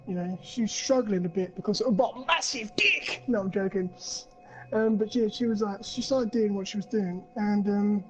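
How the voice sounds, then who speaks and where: A man's voice: sits high, moderate pace, lo-fi sound, soft background music. A young man on a podcast, rambling through a crude story and swearing a lot. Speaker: podcast co-host. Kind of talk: casual chat.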